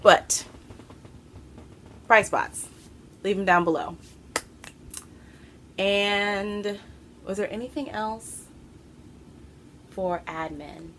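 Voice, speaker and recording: A woman hosting a craft podcast from home, chatting to camera in an excitable, rambling way and a little out of breath. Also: mid-range voice, drawn-out words, pauses often, a little hiss or hum. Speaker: podcast host. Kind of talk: casual chat to camera. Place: home room.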